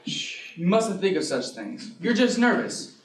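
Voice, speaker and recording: A man's voice: sits high, a little slow. A boy playing a soothing father of the bride. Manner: calming, hushing. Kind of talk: high school stage play. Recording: echoey auditorium from far off.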